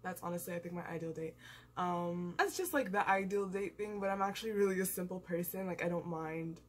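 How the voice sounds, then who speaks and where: A woman's voice: on the low side, fairly quick, a little hiss or hum. A young woman chatting casually in an anime reaction video, gushing and filling her talk with likes and ums. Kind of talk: casual reaction and review chat.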